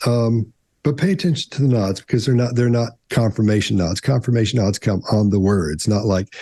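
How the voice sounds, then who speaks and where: A man's voice: fairly low pitch, fairly quick, mellow, slightly rough, no room sound, clean studio sound. A middle-aged man on a panel, explaining body language in a rambling way, often restarting and acting out quotes. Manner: rambling, self-correcting explanations with acted-out quotes. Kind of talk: casual panel analysis.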